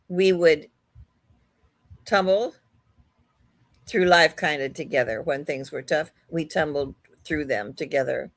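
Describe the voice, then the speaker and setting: A woman medium giving a live psychic reading in a slow, hesitant, gentle manner. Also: low-pitched, no echo.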